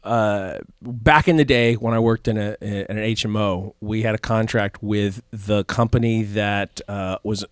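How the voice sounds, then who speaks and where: A man with a fairly low voice hosts a podcast, spinning rambling anecdotes in a loose, casual way. His sentences tend to fade off at the ends. The sound is dry and close, with no room around it. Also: fairly even intonation, measured pace, hardly any pauses, clear, resonant tone, no echo. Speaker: podcast host.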